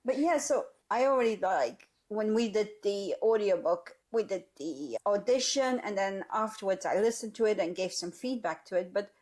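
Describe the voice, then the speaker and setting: A woman hosting a casual interview chat, supportive and quick to agree. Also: mid-range voice, animated, a little mellow. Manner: supportive, frequent backchannels and laughs. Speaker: host and author.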